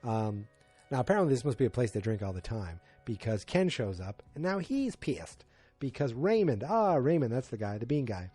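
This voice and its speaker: A man's voice: mid-range voice, very animated, moderate pace, mellow, slightly rough, faint music behind. A man in his forties hosting a casual solo podcast recap, rambling with many fillers and restarts and throwing in exasperated asides. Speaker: podcast host.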